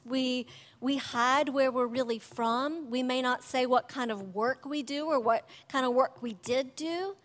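A woman teaching a sermon, chatty and animated, laughing often between points. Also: high-pitched. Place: church hall. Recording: long church reverb.

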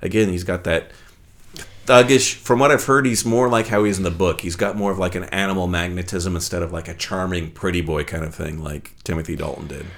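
A man with a very low, deep voice talks loosely on a podcast. He rambles and swears, and keeps slipping into quick impressions of the people he describes. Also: fairly even intonation, creaky, fairly bright tone. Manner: crude, rambling, acts out quotes in character. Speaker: podcast co-host. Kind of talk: casual chat.

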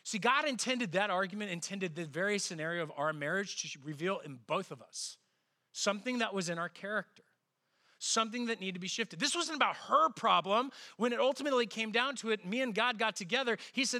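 Bright, high-voiced man preaching. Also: brisk. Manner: acts out quoted voices with big pitch jumps, conversational and personal. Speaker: pastor. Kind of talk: sermon.

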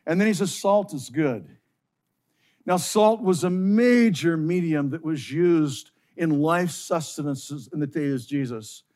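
A pastor preaching a sermon to his congregation, slowing down and stressing key phrases with passion. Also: a little high, a little mellow.

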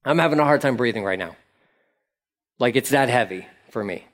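A man preaching and voicing an overwhelmed, grieving biblical man, quiet, weary and halting. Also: medium pitch, lively intonation, lightly acted.

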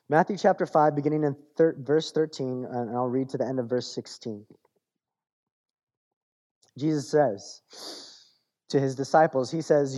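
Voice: medium pitch, mellow. A pastor preaching a sermon, building long rhythmic lists, asking rhetorical questions and reading scripture aloud.

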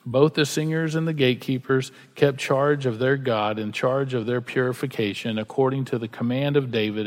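A man's voice: medium pitch, long reverb tail. A man preaching a sermon, reading scripture aloud and then explaining it in a casual, conversational way with everyday examples. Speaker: pastor.

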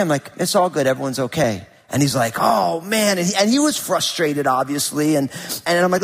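A man preaching a sermon as a pastor, telling a story in an animated way and acting out the people in it. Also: on the high side, normal speed, vocal fry. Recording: hall reverb.

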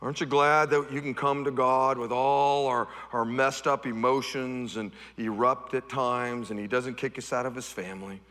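A middle-aged male pastor preaching a sermon, swinging from loud, high-pitched repeated refrains down to soft, low tones. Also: steady tone, normal speed, hardly any pauses, big-room sound.

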